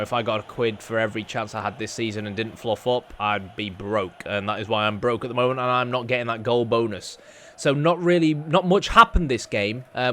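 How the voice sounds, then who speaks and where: A man's voice: mid-range voice, fairly bright tone, a little hiss or hum. A young man talks through his football game in a loose, chatty way. He rambles, fills gaps with ums and ahs, and pokes fun at himself. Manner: chatty, self-deprecating, rambling with fillers. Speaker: gaming YouTuber. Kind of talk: casual gameplay commentary.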